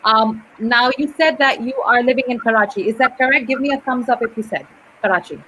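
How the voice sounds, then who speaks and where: A woman teaching English live on a video call, patiently correcting each student's words. Her voice is high and bright, with a faint hiss of background noise. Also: brisk, rough recording. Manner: patient, corrects pronunciation clearly. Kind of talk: live online lesson.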